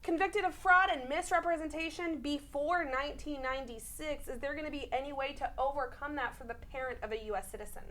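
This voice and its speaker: High-pitched woman co-host reading viewer questions, playful and giggly. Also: fairly quick, few pauses, a bit bright. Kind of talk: live talk show banter.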